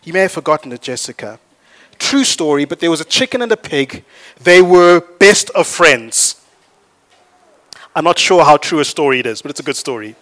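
Man, pastor, sermon, high voice, animated, loud then soft. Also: moderate pace. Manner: animated storyteller, rising loud for stories and dropping soft for points.

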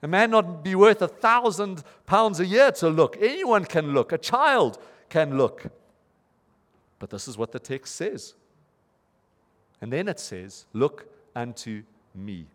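A man's voice: on the high side, very animated, takes it slowly, a bit bright, voice pushed up, heavily acted. A man voicing a plain, earnest lay preacher who stresses key words. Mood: emphatic. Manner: emphatic, lifts voice on key words. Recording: reverberant hall.

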